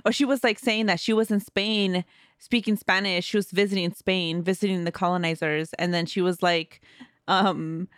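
Woman co-host, lower pitch, dry close-mic sound, laid-back and wry. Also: fairly even intonation, moderate pace, no echo. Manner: laid-back, swears casually, dry asides. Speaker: podcast co-host. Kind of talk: casual chat.

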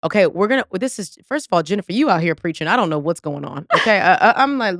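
A woman's voice: lowish voice, lively intonation, fast talker, few pauses, a bit bright, dry recording, clean studio sound. A woman in her thirties hosting a podcast, chatting casually and effusively, quoting herself as she goes. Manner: effusive, talks through laughs and quotes herself. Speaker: podcast host. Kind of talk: casual chat.

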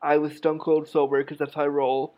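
A man's voice: on the high side, little pitch movement, brisk, dull audio. A man giving a personal storytelling talk, frank and humorous, with a wry edge. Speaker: speaker telling stories to an audience.

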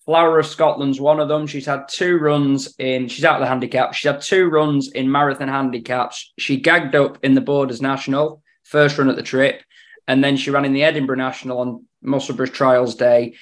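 A man's voice: mid-range voice, flat delivery, moderate pace. A man giving racing tips in casual podcast chat, dry in his humour and often repeating words as he thinks aloud. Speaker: racing tipster on betting podcast.

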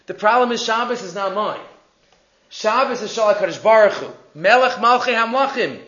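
A man doing a gentle weeping old sage. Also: high voice, animated, normal speed. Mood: earnest. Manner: earnest, tearful pleading. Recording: echoey dull recording.

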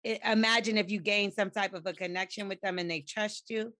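Bright blunt woman on a podcast, cussing a lot, acting out what folks said, dry close sound. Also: medium pitch, steady tone, fairly quick, dry recording. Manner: blunt, profane, acts out quotes animatedly. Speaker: podcast co-host. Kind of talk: casual chat.

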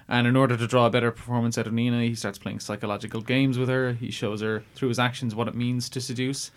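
A man's voice: mid-range voice, level tone, fast. A man co-hosting a film podcast, in casual, rambling chat with many fillers and restarts. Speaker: podcast co-host.

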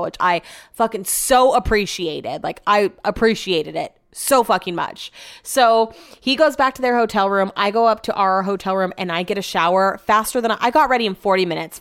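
A young woman recounts a trip in a relaxed, chatty way, swearing freely. Her voice is smooth and clear, and her pitch sits in a middle range. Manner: chatty, profane, animated. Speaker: vlogger. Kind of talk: casual storytelling.

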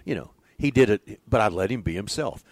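An older man, a former pitching coach, telling stories in an interview with a folksy, animated manner, acting out the dialogue. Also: fairly quick, no echo. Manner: folksy, animated storyteller who acts out quoted dialogue. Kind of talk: storytelling in a conversational interview.

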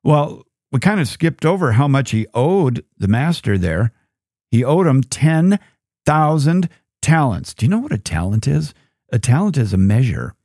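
Animated male Bible teacher, dry sound. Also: medium pitch, measured pace, no room sound. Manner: animated storytelling with rhetorical questions to listeners. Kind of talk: scripture teaching.

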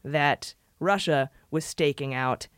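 A woman's voice: deep voice, takes it slowly, smooth, dry recording, clean studio sound. A woman hosting a podcast, reading through a report and making casual jokes about it. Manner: jokey, chatty, laughs often. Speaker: podcast host.

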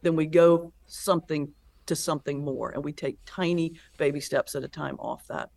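A woman pastor and comedian, a guest in an interview, telling stories in a lively, animated way. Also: low-pitched, normal speed, gravelly. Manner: animated storyteller, lively retelling with laughs. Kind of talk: conversational interview.

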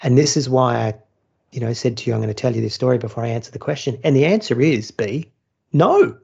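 A man's voice: mid-range voice, expressive, fast talker, gravelly, darkish tone, husky, muffled recording. A man, a former churchgoer turned atheist, telling a story in casual podcast chat, blunt and swearing freely.

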